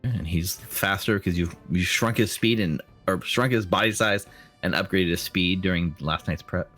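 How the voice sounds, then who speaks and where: Lower-voiced man running a tabletop game. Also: normal speed, fairly bright tone, soft background music. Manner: explains rules patiently, double-checks choices. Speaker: game master.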